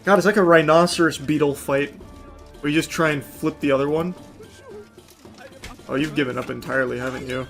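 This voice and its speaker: A man hosting an online video, giving a dry film review and loud gameplay commentary. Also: fairly high pitch, fairly quick, long pauses, soft background music. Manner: dry, flat delivery that breaks into loud excited yelling.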